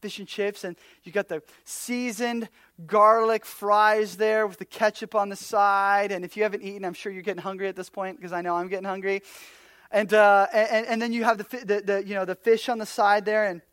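A man preaching a casual sermon, telling stories and acting out little quotes, swinging from loud bursts down to near-whispers. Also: high-pitched, fairly quick, smooth, no room sound. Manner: animated storyteller, acts out quotes, drops to near-whispers. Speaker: pastor.

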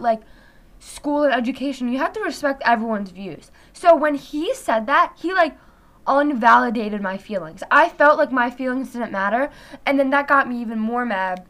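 Teen girl vlogger, high bright voice, rambling casual storytime, animated. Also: moderate pace. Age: teens. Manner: chatty, heavy use of "like", animated retelling.

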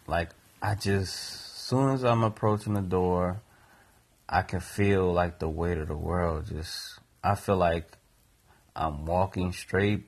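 Male podcast co-host, low husky voice, earnest reflective storyteller. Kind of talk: personal storytelling.

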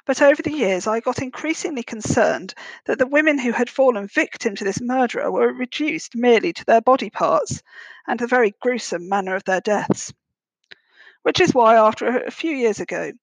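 A woman speaking in a measured, earnest way as she hosts a church podcast. Her fairly high voice has a gravelly, creaky texture. The sound is close and dry. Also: dry recording. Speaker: rector and podcast host. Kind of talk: scripted podcast introduction and interview. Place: quiet room, over a video call.

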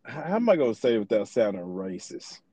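A man's voice: fairly low pitch, sing-song, fast talker, mellow, no echo. A young man hosting a podcast in casual chat, loose and profane, rambling through his stories. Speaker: podcast host.

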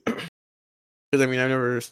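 Smooth-voiced playful man. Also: medium pitch, completely flat delivery, slow, a bit bright. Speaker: player. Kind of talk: casual tabletop game chat.

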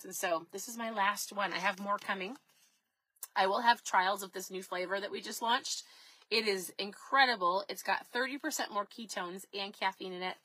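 A woman's voice: mid-range voice, bright, forceful tone, no echo, low-quality recording. A woman in her thirties chatting casually to her viewers about diet, upbeat and full of questions for them. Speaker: keto lifestyle vlogger. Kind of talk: casual direct-to-camera talk.

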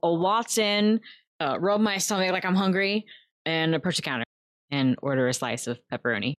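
A woman playing a character in a tabletop game, blunt and playful in manner. Her voice sits on the low side. The sound is dry and close. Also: moderate pace, dry recording. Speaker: player.

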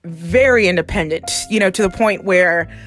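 A woman's voice: on the low side, moderate pace, a bit bright, faint music behind. A woman who is a psychic medium, talking candidly in a casual monologue, swearing freely and laughing often. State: gets emotional, near tears. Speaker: psychic medium and podcast host.

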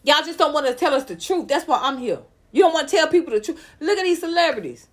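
A woman, hosting a casual live-stream gossip chat, loud, blunt and profane, laughing often. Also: sits high, animated, fast. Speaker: celebrity gossip vlogger.

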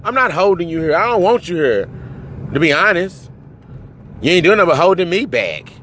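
Man, crying, angry, profane rant, fairly high voice, outdoor recording. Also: very animated, brisk, a little hiss or hum. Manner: angry, hurt, profane, swings between yelling and muttering. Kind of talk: emotional rant to camera.

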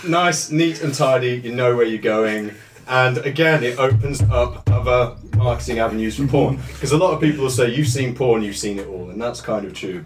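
A man hosting a comedy podcast, rambling through an improvised pitch in a deadpan way. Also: normal speed, echoey room, background noise. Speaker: podcast host.

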